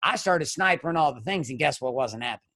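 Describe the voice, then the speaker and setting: A man's voice: medium pitch, lively intonation, fast talker, bright, forceful tone, no room sound. A man guesting on a podcast, telling a candid, blunt story with profanity and acted-out bits of dialogue.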